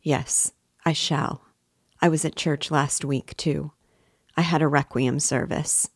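A timid, devout young woman who answers in short, hesitant phrases, voiced by a woman reading a classic novel. Her voice sits low and her words come slowly and quietly, close to the mic. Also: steady tone, slightly rough, no echo, exaggerated voice.

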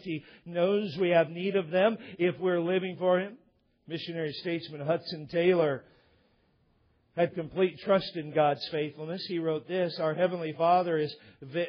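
A man preaches with a high, husky voice, leaning into his points with growing emphasis. The recording is muffled and lo-fi, like a church sermon tape. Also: moderate pace. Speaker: pastor.

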